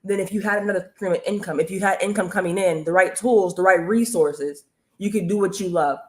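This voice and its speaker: A woman coaching viewers on a live stream, energetic and repetitive, often urging them to comment and follow. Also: on the low side, a little fast. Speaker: online business coach hosting a live stream. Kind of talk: motivational live-stream talk.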